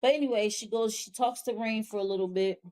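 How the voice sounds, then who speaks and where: A woman's voice: a little high, steady tone, quick pace, a little mellow. A woman hosting a casual review of a TV show, recapping scenes in a chatty, slangy way with frank, exasperated asides. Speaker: host.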